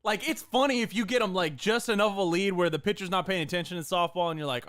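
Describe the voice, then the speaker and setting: A man's voice: sits high, fast talker, hardly any pauses, fairly bright tone, dry recording, clean studio sound. A man co-hosting a casual sports chat stream, joking around and explaining plays in detail. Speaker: co-host.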